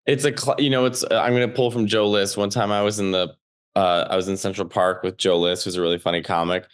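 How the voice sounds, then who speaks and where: A man in his thirties with a Chicago accent and a somewhat low voice chats as a podcast guest. He tells his stories in an animated, rambling way, full of "like"s. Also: fast, clear, resonant tone. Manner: animated storyteller, many "like" fillers. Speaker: comedian guest. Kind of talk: casual podcast chat.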